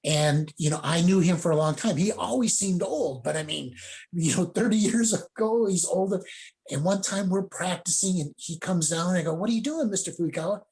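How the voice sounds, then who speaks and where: A man's voice: sits high, moderate pace, a little mellow. Rambling middle-aged man. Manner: rambling anecdotes with laughs and acted quotes. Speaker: guest judo sensei. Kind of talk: casual storytelling on a video call.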